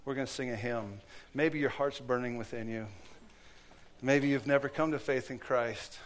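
A man preaching a sermon in a church, telling stories with acted quotes and swinging between loud and hushed delivery. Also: medium pitch, fairly even intonation, normal speed, slight background noise.

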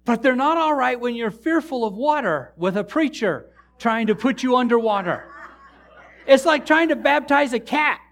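A man's voice: very high voice, moderate pace. A male pastor preaching a sermon, telling funny stories and joking with his congregation. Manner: animated storytelling preacher, jokes with the congregation. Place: church.

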